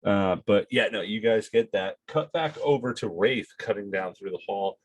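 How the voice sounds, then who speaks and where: A man narrating as game master of a tabletop game, halting with many fillers and frequent laughter. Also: on the low side, no room sound.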